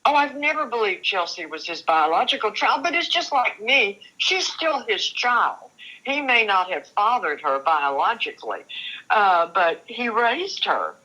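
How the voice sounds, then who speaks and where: Heard through a rough recording, an older woman with a mid-range voice and a sharp tone swings widely in pitch. She's an interview show guest giving earnest testimony about her life, halting and restarting her sentences frequently.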